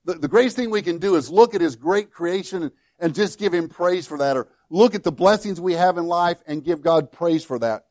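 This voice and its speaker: Guy preaching, kinda high voice, dry close sound, acts out the voices in the story. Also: a little fast, few pauses, no room sound. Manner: animated preaching, acting out quoted voices, frequent restarts. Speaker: pastor. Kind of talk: sermon.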